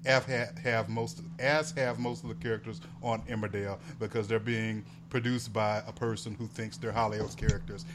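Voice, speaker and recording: A man's voice: normal speed, few pauses, background noise. A man co-hosting a casual podcast, ranting and laughing, with lots of swearing. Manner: animated, swearing, laughing, jumps high when outraged. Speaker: podcast co-host reviewing soaps. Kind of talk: casual profane chat.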